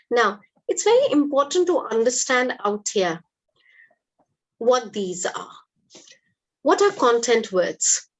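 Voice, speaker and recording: In a live online English lesson with poor audio, a woman with a higher-pitched voice teaches in a patient, encouraging way.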